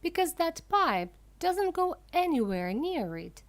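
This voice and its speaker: A woman's voice: extremely high pitch, very animated, slow pace, pitched above the performer's own voice, heavily acted. A woman voicing a playful, giggling eccentric man who makes candy, teasing and exclamatory.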